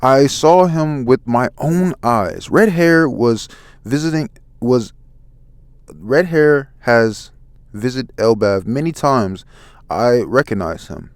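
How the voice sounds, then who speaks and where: Man doing an earnest giant, higher than his own voice, slow and insistent. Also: expressive, no room sound.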